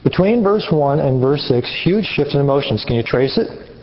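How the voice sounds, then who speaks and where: A man preaching an interactive sermon, animated and questioning his audience. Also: on the high side, normal speed. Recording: muffled lo-fi recording.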